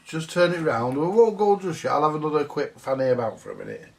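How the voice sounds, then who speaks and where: A man's voice: fairly high pitch, very animated, fast, creaky, darkish tone, recorded from a distance. A man chatting casually about a repair job, rambling with lots of fillers and the odd swear word. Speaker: vintage audio repair vlogger. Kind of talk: casual workshop talk to camera.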